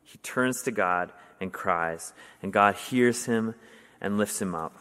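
A young adult man preaching a sermon in a casual, conversational way, with many fillers, getting animated when he tells stories. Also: fairly low pitch, slow pace, clean tone. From Wisconsin, US. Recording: long hall reverb.

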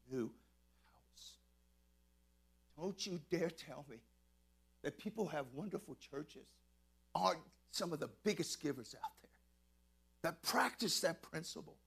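A man preaching a sermon as pastor, emphatic and excitable, stumbling over restarts as he gets worked up. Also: a little high, husky.

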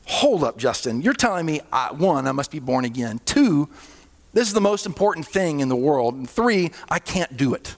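A male pastor preaching a sermon, with sudden swells in volume and hushed, slowed drops. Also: a little high, very animated. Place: church hall. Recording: reverberant hall.

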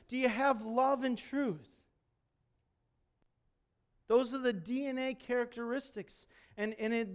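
A man preaching a sermon, talking to the congregation in a conversational way and swinging between emphatic loud peaks and hushed low asides. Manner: conversational, asks the congregation questions. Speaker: pastor.

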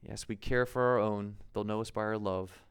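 A man's voice: lowish voice, fairly even intonation, normal speed, smooth. A man in his thirties from the United States, preaching a conversational sermon as pastor, laughing at himself now and then.

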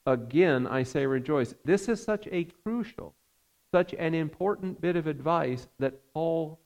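Male pastor, sermon, mid-pitched gravelly voice, earnest and unhurried. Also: a little mellow, lo-fi sound. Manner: earnest, measured preaching with frequent fillers.

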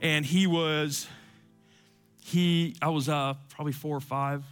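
A man preaching a sermon and telling a personal story, often dropping to soft, low tones for emphasis. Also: steady tone, takes it slowly, soft background music. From Cuban family. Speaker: pastor.

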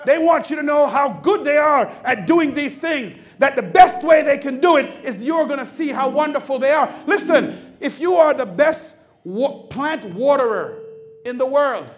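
A man preaching a sermon as pastor in a church, shouting and calling for responses from the congregation. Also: extremely high pitch, animated, moderate pace. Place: church sanctuary.

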